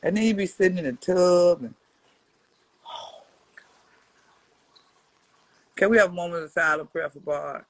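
A brash woman in her seventies rants at a rival in a profane, mocking response video. She swings between muttered asides and loud jabs. Her voice sounds close and dry, with no room echo. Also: on the low side, fast, hardly any pauses. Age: 70s. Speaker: social media personality answering a rival. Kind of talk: profane trash-talking response rant.

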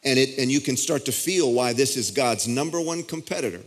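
A man's voice: medium pitch, expressive, fairly quick, soft background music. A male pastor preaching a sermon in a conversational way, often restarting his sentences. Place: church auditorium.

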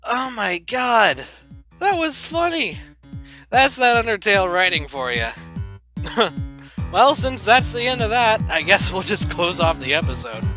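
A man's voice: sits high, sing-song, a little slow, sharp tone, faint music behind. A man hosting a let's play, giving playful, giggly commentary and talking back to the game. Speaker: gaming channel host.

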